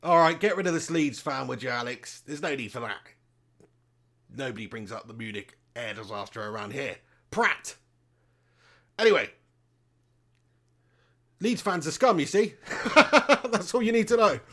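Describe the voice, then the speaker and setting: A man's voice: medium pitch, measured pace, long pauses, pushed and bright. Brief: man, live football stream host, casual jokey banter and running commentary. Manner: jokey banter, laughs often, reads chat aloud.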